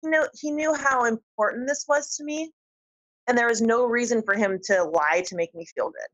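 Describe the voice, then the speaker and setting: Bright, chatty storytelling woman. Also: fairly high pitch, normal speed, poor audio. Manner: animated, chatty, laughs often. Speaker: guest. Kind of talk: storytelling interview.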